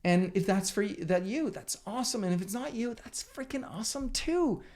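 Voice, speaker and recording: Speaking a little fast in a high-pitched voice, a business coach hosts his channel with a motivational talk to camera. He's energetic and emphatic, with casual swearing throughout.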